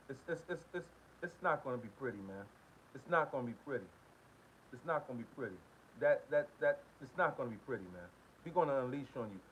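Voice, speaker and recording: A man's voice: fairly high pitch, fairly bright tone. A man hosting a live stream, talking casually and repetitively in while reading viewer comments. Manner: venting, repetitive, slangy. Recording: dull lo-fi stream with faint hiss.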